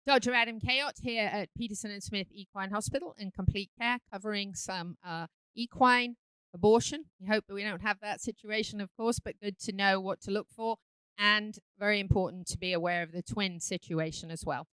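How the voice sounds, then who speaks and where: A woman correspondent wraps up a segment in a polished, informative way. Her voice is smooth and resonant, recorded dry and close. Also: medium pitch, moderate pace, fairly bright tone, no room sound, poor audio. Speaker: show correspondent. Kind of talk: scripted segment sign-off.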